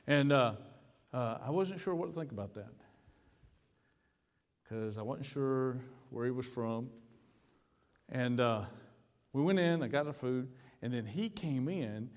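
Male American pastor, storytelling sermon voice, medium pitch, long church reverb. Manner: storytelling, repeats words, stammers on restarts. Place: church sanctuary.

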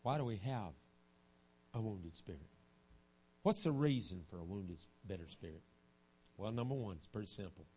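A man preaching a revival sermon in a church, telling family stories in a folksy way and moving from quiet, low remarks to loud outbursts. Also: expressive, moderate pace, pauses often, slightly rough. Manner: storytelling, swings from hushed to shouting. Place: church sanctuary.

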